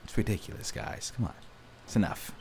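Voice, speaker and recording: A man hosting a let's play, giving casual gameplay commentary that swings between loud profane outbursts and low mumbling. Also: a little fast, a little hiss or hum.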